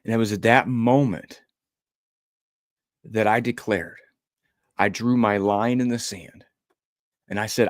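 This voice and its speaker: Telling his own story as a motivational speaker, a middle-aged man with a fairly low voice talks slowly, leaving long pauses, his delivery earnest, emotional, and built on repetition. The recording is close and dry with no echo or room sound.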